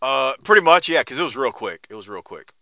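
A man's voice: mid-range voice, sing-song, fairly quick, pushed and bright, dry recording. A man from New Orleans hosting a casual chat about old wrestling, laughing often and rambling with restarts. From New Orleans, Louisiana. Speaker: podcast host.

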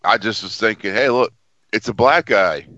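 A man's voice: lowish voice, moderate pace, sharp tone, lo-fi sound. A man co-hosting a casual chat, blunt and teasing, swearing freely. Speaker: podcast co-host.

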